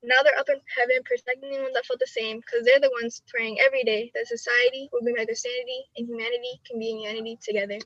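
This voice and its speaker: A woman's voice: on the high side, quick pace, hardly any pauses, a bit bright, no echo, highs cut off. A teenage student poet reciting her own spoken word poems over a video call, with earnest, emotional delivery. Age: teens. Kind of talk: spoken word poetry reading.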